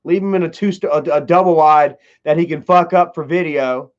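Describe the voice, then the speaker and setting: A man's voice: a little high, moderate pace. A man telling a family story on a livestream, rambling and swearing, with many fillers. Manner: profane, rambling, heavy fillers. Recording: dull lo-fi livestream audio.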